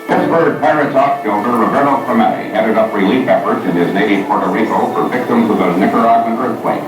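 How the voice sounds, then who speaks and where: A man reads the news in a formal, measured, low voice. The archive clip plays from far off in an echoing room, with loud music running under it. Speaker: newscaster. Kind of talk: archival broadcast news report.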